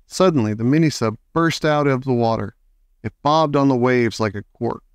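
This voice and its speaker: A man reading a children's book aloud in a slow, expressive storytelling manner. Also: mid-range voice, clear, resonant tone, dry recording, studio quality. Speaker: audiobook reader.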